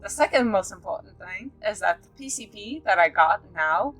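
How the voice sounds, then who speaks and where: A woman from Africa talking casually to camera in a rambling vlog, breaking into sudden excited outbursts. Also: medium pitch, moderate pace, soft background music, poor audio. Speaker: vlogger.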